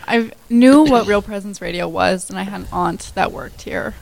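Chatty young woman with a creaky voice. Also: mid-range voice, moderate pace, a little hiss or hum, rough recording. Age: 20s. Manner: chatty storyteller with many fillers. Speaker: guest, new hire. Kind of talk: casual radio interview.

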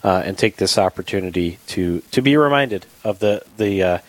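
A man's voice: deep voice, animated, moderate pace, no echo. A man hosting a radio show in a studio, talking casually with many fillers and restarts.

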